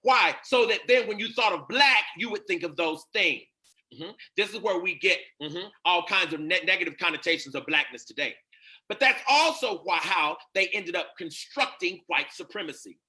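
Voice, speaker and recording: A man's voice: high-pitched, animated, normal speed, bright, forceful tone. A man hosting a live-streamed spiritual teaching, speaking in a preacherly way that repeats phrases and calls out to viewers by name. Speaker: host and teacher.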